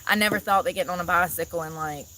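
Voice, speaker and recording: A woman vlogging casually outdoors in the mountains, chatty and animated as she talks to viewers. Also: on the low side, racing, low-quality recording. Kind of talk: casual outdoor vlog chat. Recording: outdoor noise, crickets audible.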